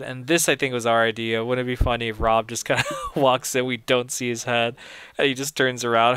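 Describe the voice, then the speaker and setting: A man's voice: medium pitch, flat delivery, normal speed, a bit bright, smooth. A young man giving casual audio commentary on his own film, rambling and chatty, often laughing at his own jokes.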